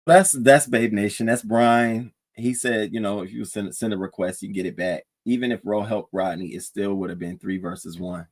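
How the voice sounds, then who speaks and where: A man streamer chatting casually over breakfast, telling gossip with swearing and a voice that climbs high when he gets worked up. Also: fairly even intonation, moderate pace. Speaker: streamer recapping live streams.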